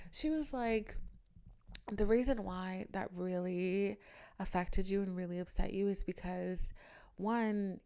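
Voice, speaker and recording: Animated young woman telling a story. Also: vocal fry. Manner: animated, swings pitch and loudness, swears freely. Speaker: podcast host. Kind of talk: candid storytelling chat.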